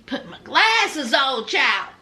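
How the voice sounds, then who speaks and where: A woman's voice: high voice, sing-song, slow pace, pushed and bright. A woman recapping a reality show in casual commentary, sassy and exclamatory, telling it like a story.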